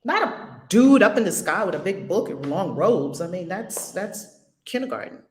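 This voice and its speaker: A woman's voice: on the low side, sing-song, moderate pace, roomy sound. A woman leading a spiritual lesson at home, asking many rhetorical questions in an emphatic way. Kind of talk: spiritual teaching with questions to a student.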